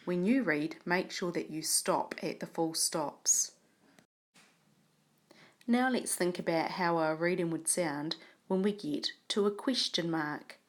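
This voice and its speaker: Slow, patient woman teaching reading. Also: on the low side. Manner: patient, clear, instructive. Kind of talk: slow read-aloud reading lesson. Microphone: tablet microphone.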